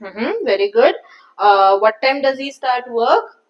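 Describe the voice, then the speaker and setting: A woman's voice: fairly high pitch, animated, a little slow, dull audio. A woman with an Indian English accent teaching an online English class, switching often between English and Hindi to explain grammar and pronunciation.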